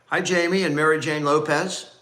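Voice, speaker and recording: A man's voice: on the high side, fairly even intonation, normal speed, bright, forceful tone. A middle-aged man hosting a casual livestream from home, reading out viewer names and swearing freely. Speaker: livestream host. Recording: echoey room.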